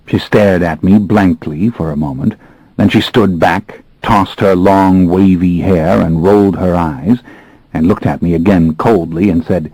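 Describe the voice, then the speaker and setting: A man reads a first-person audiobook in a very deep, husky voice. His delivery is brooding and measured, slowing and quickening with the story. The recording is dry and close. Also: no room sound, low-quality recording. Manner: measured, brooding, expressive pacing. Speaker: audiobook narrator.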